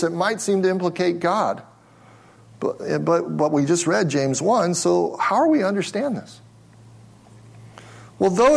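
A man's voice: high voice, creaky, darkish tone. A male pastor preaching a sermon with emphasis, asking questions and repeating words as he restarts.

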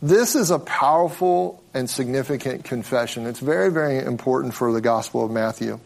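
A man teaching a Bible study in a relaxed, conversational way, explaining as he goes and often restarting his sentences. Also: medium pitch, moderate pace, creaky.

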